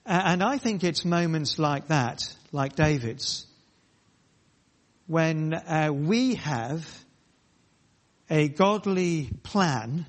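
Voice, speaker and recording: Emphatic preacher in a reverberant hall. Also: male voice, on the high side, expressive. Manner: emphatic, repetitive, pausing phrases. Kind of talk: sermon.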